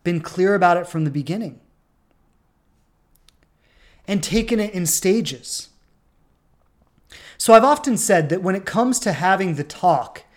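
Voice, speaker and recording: A relationship coach hosting a podcast, talking earnestly and repeating phrases for emphasis, with sudden loud bursts. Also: medium pitch. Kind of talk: podcast monologue.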